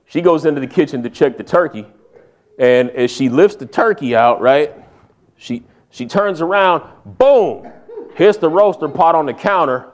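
A man's voice: on the high side, expressive, normal speed. Folksy male preacher. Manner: folksy storytelling with humor. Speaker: pastor. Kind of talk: sermon.

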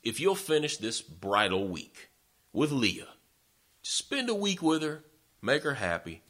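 A man voicing a calm, scheming older man who talks in a smooth, falsely reasonable way. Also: mid-range voice, slow, voice pushed up, exaggerated voice. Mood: sly.

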